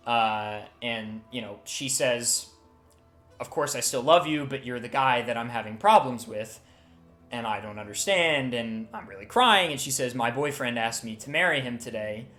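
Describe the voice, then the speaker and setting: A man's voice: mid-range voice, pushed and bright, close to an everyday voice. Man playing a grieving man retelling his lost love, stumbling over words, roomy echo, faint music underneath. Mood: wistful. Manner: halting, emotional storytelling.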